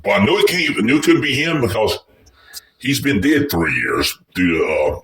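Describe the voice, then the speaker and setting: A man with a low voice tells a personal story in a loose, rambling way, swearing freely and often restarting his sentences. His pitch swings widely as he talks. He sounds somewhat distant from the mic. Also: very animated, normal speed, a bit bright. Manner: rambling and profane, with many restarts. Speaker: vlogger telling a personal story. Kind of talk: casual storytelling.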